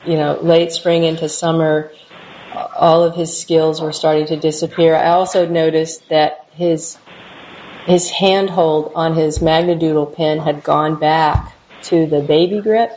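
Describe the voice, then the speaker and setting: Middle-aged woman, low mellow voice, halting reflective interviewee, dull lo-fi recording with faint hiss. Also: fairly even intonation. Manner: halting, reflective, many restarts. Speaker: interviewee, mother. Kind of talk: personal recollection interview.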